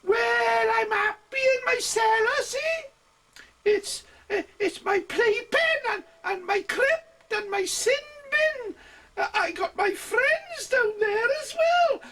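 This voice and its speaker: An older man reciting his own comic verse in a put-on voice, playing a daft old hoarder who lives in his cellar; the voice is high, quavering and strained, as if half laughing. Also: animated, slow pace, creaky, pushed and bright, distant mic, heavily acted. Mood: wailing comic. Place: home.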